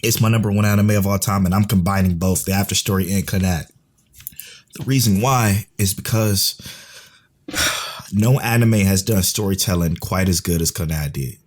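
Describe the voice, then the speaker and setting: Husky man gushing in casual chat. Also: low voice, normal speed. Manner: emphatic, profane, rambling. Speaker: podcast co-host.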